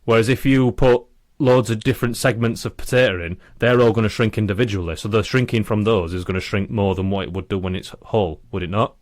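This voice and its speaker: A man's voice: fairly low pitch, steady tone, fast talker, hardly any pauses, no echo. A young northern English man co-hosting a podcast, reasoning aloud in casual, rambling chat. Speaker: podcast co-host.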